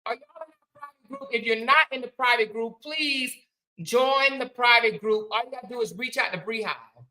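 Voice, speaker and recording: A woman hosting a casual livestream, speaking in a bright, forceful voice set a little high. She hammers her points home by repeating them, then turns to thanking viewers one by one. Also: moderate pace. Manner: emphatic, repeats phrases, preachy then affectionate. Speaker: livestream host. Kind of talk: casual livestream chat reading super chats.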